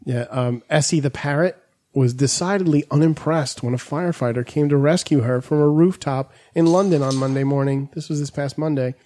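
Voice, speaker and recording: A man hosting a podcast in casual banter, a profane, rambling storyteller who sometimes slips into squeaky impressions. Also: brisk, mellow. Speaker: podcast host.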